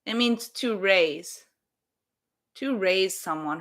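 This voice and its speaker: A woman teaching English in a live online lesson, explaining phrasal verbs slowly and carefully and encouraging her students. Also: on the high side, sharp tone.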